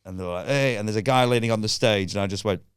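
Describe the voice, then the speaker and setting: A man telling a comedy anecdote on a podcast, animated and sweary, acting out voices. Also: on the low side, quick pace, smooth, no room sound, studio quality. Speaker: stand-up comedian guest. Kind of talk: casual podcast storytelling.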